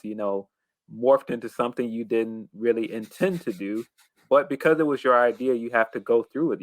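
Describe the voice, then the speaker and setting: A man cohosting a casual wrestling podcast, talking in a measured, hesitant way. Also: mid-range voice, no room sound. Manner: measured, hesitant, with many restarts and fillers.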